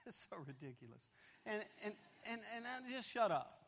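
A man in his fifties preaching a confessional story sermon, animated and swinging from loud to hushed, in a large church auditorium. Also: sits high, measured pace. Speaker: pastor. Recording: long hall reverb.

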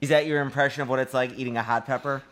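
A man's voice: mid-range voice, steady tone, very fast, fairly bright tone, slight background noise. A man hosting a casual morning show, chatting playfully with a child and laughing easily. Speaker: host.

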